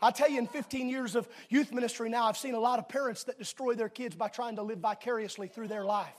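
High-voiced preacher shouting from the pulpit. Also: male voice, steady tone, fast. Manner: shouting emphatic preaching with sudden quiet asides. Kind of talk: sermon. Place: church sanctuary with congregation.

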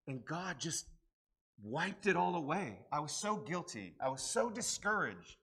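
Male pastor, church sermon with personal testimony, fairly high voice, impassioned delivery with hushed-to-emphatic swings. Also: very animated, a little slow, slightly rough. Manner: repeated rhetorical questions. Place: church service.

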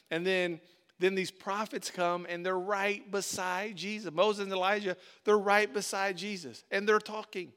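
A man's voice: high-pitched, fairly bright tone. A male pastor preaching a sermon in an informal, conversational way, repeating words for emphasis.

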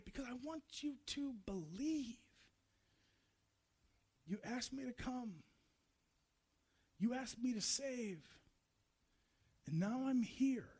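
A man voicing God speaking tenderly and earnestly, at times soft and nearly whispered. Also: very high-pitched, voice pushed up, full character voice. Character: tender divine man, compassionate, intimate.

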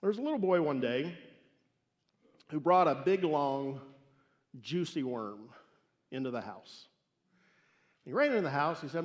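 A man preaching a sermon and telling a story, emphatic and swinging between loud declarations and hushed asides. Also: a little high, expressive, a little slow, long pauses. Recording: echoey hall reverb.

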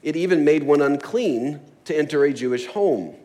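Male pastor mid-sermon, animated delivery with a lot of pitch swing, plays out little scenes. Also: normal speed. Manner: animated storytelling with acted asides.

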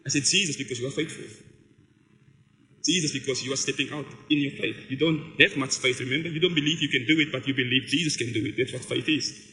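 A man's voice: mid-range voice, quick pace, pushed and bright, in a large hall, poor audio. A man, a pastor, giving a conversational sermon and telling stories with quoted dialogue.

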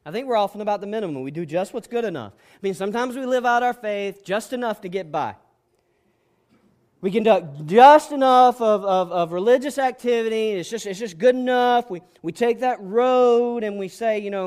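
A man delivers a sermon with a loud, impassioned manner. His voice sits notably high for a man. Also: lively intonation, normal speed. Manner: passionate, loud preaching. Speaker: pastor.

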